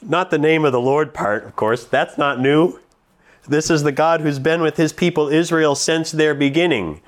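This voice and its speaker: A man preaching a sermon, reading scripture slowly and with emphasis, then explaining it to the congregation. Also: a little high.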